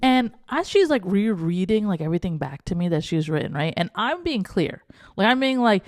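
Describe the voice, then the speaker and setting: A young woman co-hosting a podcast, telling a story in casual chat and acting out the dialogue with lively energy. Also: medium pitch, normal speed, no room sound, studio quality. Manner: animated, acts out quoted dialogue. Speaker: podcast co-host.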